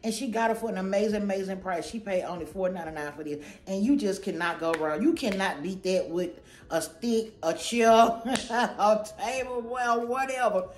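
A woman's voice: medium pitch, fairly quick, echoey room, slight background noise. A woman hosting her own channel, chatting casually and goofily to camera about a shopping haul, rambling with lots of slang. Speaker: channel host.

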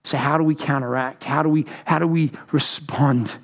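High-voiced passionate man preaching. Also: fairly even intonation, moderate pace. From Australia. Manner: passionate preaching, swings between loud outbursts and hushed questions. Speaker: pastor. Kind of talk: sermon. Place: church.

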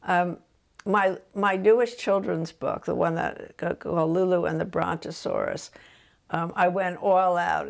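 An older woman author from New Jersey, telling stories about her books in a relaxed interview at home. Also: lowish voice, gravelly. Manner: animated anecdotes, voices quotes of her son.

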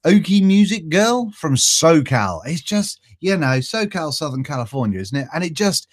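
Chatty man, higher voice. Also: big pitch swings, moderate pace. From East Anglia. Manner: chatty and self-mocking, chuckles often, trips over names. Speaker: vaping channel host. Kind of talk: casual live-stream chat, reading out viewer greetings.

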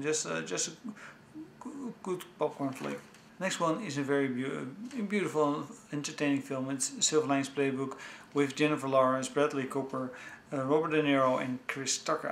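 A man chatting casually about films he owns, talking with enthusiasm in a halting way full of restarts. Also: medium pitch, vocal fry, fairly bright tone, slight background noise. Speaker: movie vlogger. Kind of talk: casual home-video review. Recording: echoey room.

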